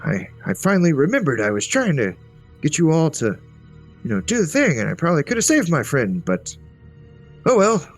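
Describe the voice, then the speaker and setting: A man's voice: fairly high pitch, huge pitch swings, normal speed, soft background music, voice pushed up, heavily acted. A man voicing a forgetful old male wizard who rambles cheerfully and loses his thread. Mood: chipper, rambling. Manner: rambling, chipper, absent-minded.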